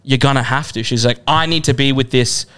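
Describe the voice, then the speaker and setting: A man's voice: mid-range voice, brisk, smooth. A man co-hosting a podcast, telling a funny story with lots of laughter and swearing. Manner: animated, laughs through his stories, swears freely. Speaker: podcast co-host. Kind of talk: comic storytelling.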